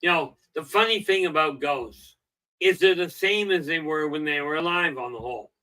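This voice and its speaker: Bright folksy man rambling on a livestream. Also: fairly high pitch, moderate pace, poor audio. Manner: folksy, rambling, tells jokes, frequent "okay" and "you know". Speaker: self-help livestream host. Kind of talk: casual livestream talk.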